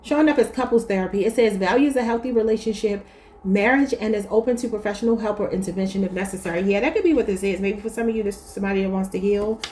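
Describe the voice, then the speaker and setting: A woman's voice: medium pitch, fast talker, mellow. A woman with a Baltimore accent, giving a casual, chatty tarot reading and talking straight to her viewers. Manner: chatty, addresses viewers as y'all. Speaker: tarot reader.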